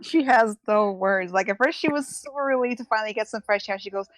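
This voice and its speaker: A woman player narrating her character in third person, casual and expressive. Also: medium pitch, brisk, slight background noise, low-quality recording.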